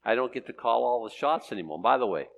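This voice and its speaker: An older man preaching a sermon, swinging between loud emphatic lines and quiet asides. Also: mid-range voice, expressive, fast, gravelly, lo-fi sound.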